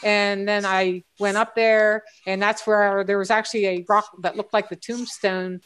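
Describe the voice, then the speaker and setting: A woman's voice: medium pitch, level tone, normal speed, fairly bright tone, smooth. A woman guest on a casual group chat, talking in long rambling stretches with frequent restarts and fillers. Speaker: guest treasure hunter.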